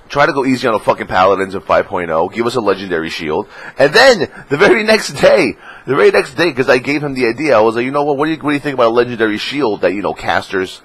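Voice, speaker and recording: A young man telling a profane, excitable story about a gaming convention in a casual vlog. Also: breathy edge. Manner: excitable, profane, acts out quotes in a high voice. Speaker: gaming vlogger.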